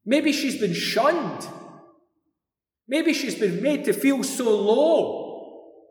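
A male pastor delivering a sermon, telling the story slowly and dramatically with many rhetorical questions. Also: extremely high pitch, animated. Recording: echoey hall from far off.

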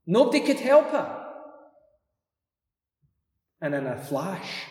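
A male pastor delivering a sermon, telling the story slowly and dramatically with many rhetorical questions. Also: high-pitched, big pitch swings, darkish tone. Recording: echoey hall from far off.

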